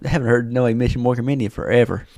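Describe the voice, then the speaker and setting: Fast-talking podcast guy. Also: mid-range voice, steady tone, darkish tone. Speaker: podcast co-host. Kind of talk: casual chat.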